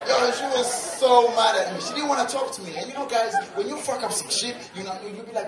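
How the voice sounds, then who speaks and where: A young man from Tanzania doing stand-up, telling a story in an animated way, acting out quotes and often laughing as he talks. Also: extremely high pitch, quick pace. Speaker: stand-up comedian. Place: large venue with live audience. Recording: echoey live venue, distant mic, loud crowd and noise.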